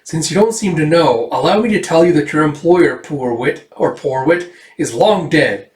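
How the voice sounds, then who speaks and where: A man's voice: a little high, lively intonation, moderate pace, natural voice. A man voicing a theatrical, scheming baron while reading a comic aloud. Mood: grandiose. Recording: roomy, distant mic.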